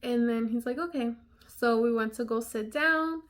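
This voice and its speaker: Casting: young woman, storytime vlogger, chatty, fillers, slightly high voice. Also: normal speed. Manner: chatty, many fillers like "you know". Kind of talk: casual storytime chat.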